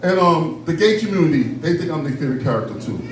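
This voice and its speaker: Playful man doing stand-up, high lively voice. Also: fast talker. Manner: playful, loose, slips into character voices. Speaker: stand-up comedian. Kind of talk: stand-up routine. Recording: roomy, from far off, noisy.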